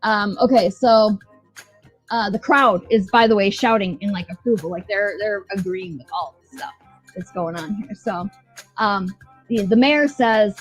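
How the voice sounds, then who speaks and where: A woman's voice: medium pitch, a little slow, faint music behind, poor audio. A woman co-hosting a podcast, recapping a show in a casual, profane, rambling way full of fillers. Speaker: podcast co-host.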